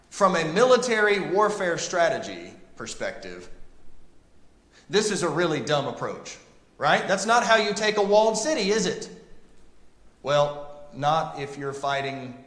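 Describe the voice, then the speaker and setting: Man, bible class teacher, animated, emphatic, fairly high voice, roomy echo. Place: church classroom. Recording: echoey room with long reverb.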